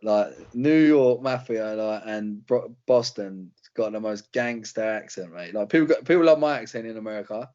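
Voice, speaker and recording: A man's voice: fairly low pitch, normal speed, hardly any pauses, warm tone, dull audio. A young British man, a fighter, chatting casually in an interview, rambling with slang and fillers. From Britain. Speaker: UFC fighter guest.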